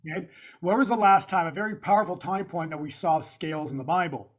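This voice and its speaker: Quick and emphatic, the guest analyst talks through his slides during an interview, his voice on the higher side. He stresses words heavily and loops back to the same lines in a preacher's cadence.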